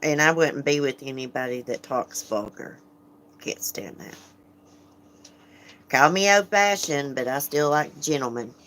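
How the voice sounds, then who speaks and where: Low-voiced chatty woman streamer. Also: unhurried, long pauses, fairly bright tone. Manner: chatty, frank, laughs often, greets viewers. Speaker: livestream host. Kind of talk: casual livestream chat, reading comments.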